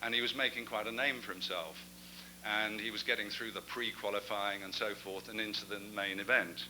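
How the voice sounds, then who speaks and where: A man's voice: fairly low pitch, steady tone, a little fast, sharp tone, a little hiss or hum, low-quality recording. A man giving an after-dinner talk as guest speaker, a chatty storyteller with self-deprecating asides. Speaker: guest speaker at a club gathering.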